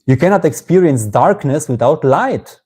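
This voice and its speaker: A man's voice: on the high side, lively intonation, normal speed, mellow, slightly rough. A man with a German accent giving a live-streamed satsang talk as a spiritual teacher, reflective and often ending his phrases with a questioning "yeah?".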